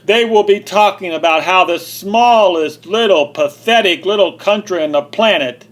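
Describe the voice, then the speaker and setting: A man's voice: high voice, moderate pace. A man delivering an angry, ranting monologue, repeating and restarting his phrases as he pushes his point. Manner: indignant and repetitive, restarting phrases. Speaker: video commentator.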